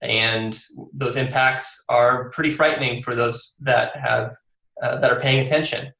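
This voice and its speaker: Male interview guest, gravelly voice, earnest, often restarts, echoey room. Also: medium pitch, fairly even intonation, a little slow, bright, forceful tone. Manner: earnest, many fillers and restarts. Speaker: guest author. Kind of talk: casual interview.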